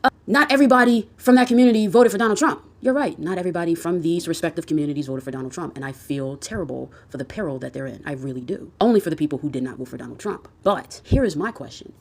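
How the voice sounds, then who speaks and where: A woman's voice: sits low, fast. A woman giving ranting social commentary, blunt and heavily profane, firing off heated rhetorical questions.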